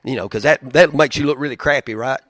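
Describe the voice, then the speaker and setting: A male pastor delivers a sermon like a story told to friends. He swings from loud outbursts to hushed near-whispers. His voice sits at a middle pitch, recorded close and dry with no room sound. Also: fast, no room sound. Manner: conversational, storytelling with big swings in loudness and pitch.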